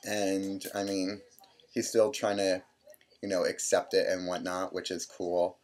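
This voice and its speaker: Young man in his twenties, deep low voice, casual rambling storyteller, lots of quoted dialogue. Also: completely flat delivery, measured pace, a little mellow. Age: 20s. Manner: rambling, full of "I'm like" quotes. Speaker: vlogger.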